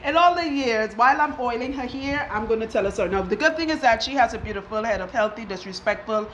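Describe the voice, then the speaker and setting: A woman's voice: fairly high pitch, expressive, fast, a bit bright, slight background noise, low-quality recording. A woman hosting a casual story time chat, talking and laughing often while she oils a client's hair. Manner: chatty, laughs often while telling stories. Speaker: loctician and show host.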